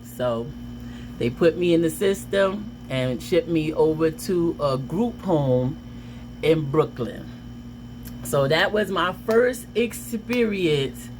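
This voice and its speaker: A woman vlogger telling a personal story in a casual, animated way, with dramatic outbursts. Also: deep voice, noisy background.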